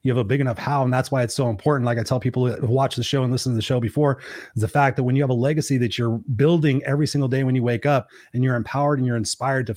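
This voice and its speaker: Male podcast host, 40s, rapid motivational storyteller, dry close sound. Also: medium pitch, darkish tone, dry recording. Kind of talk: casual interview conversation.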